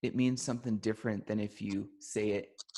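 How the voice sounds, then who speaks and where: A man in casual podcast chat, telling anecdotes in an animated way and laughing often. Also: on the low side, fairly quick, breathy edge. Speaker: podcast co-host.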